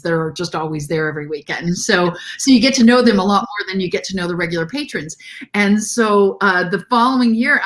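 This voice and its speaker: A middle-aged woman speaks as a guest, chatting casually. She tells her story with animation, leaning into quoted lines with a lifted voice. Her pitch sits in an ordinary middle range. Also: a bit bright.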